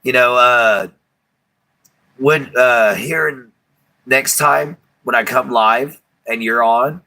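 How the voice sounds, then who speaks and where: A man's voice: mid-range voice, takes it slowly, bright, forceful tone. A man hosting a casual live stream, chatty and affectionate with many fillers.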